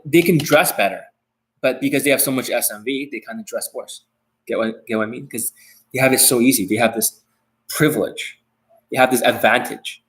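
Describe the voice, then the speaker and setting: A man gives a live-streamed dating coaching talk in a voice of ordinary middle pitch. He is blunt and curses freely, speaking straight at his viewers. He hammers points home by repeating phrases. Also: fairly bright tone, slight background noise, low-quality recording. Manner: repetitive, says key phrases again.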